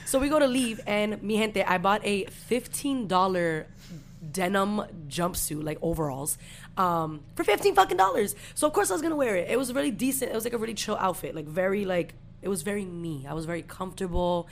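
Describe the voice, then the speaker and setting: A woman's voice: medium pitch, animated, fairly quick, creaky, slight background noise. A young woman in her twenties, co-hosting a podcast, telling a story in casual, profane slang. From Puerto Rican family. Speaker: podcast co-host.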